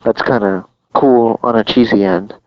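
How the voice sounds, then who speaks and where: A man's voice: lowish voice, fairly even intonation, moderate pace, no echo. Casting: emphatic, opinionated man in casual chat, muffled lo-fi audio with no room sound. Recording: dull lo-fi sound, dry.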